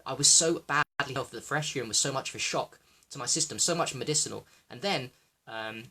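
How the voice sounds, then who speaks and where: A man hosting a livestream, rambling excitably, swearing freely and talking to viewers by name. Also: mid-range voice, a little fast, breathy edge. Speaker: livestream host.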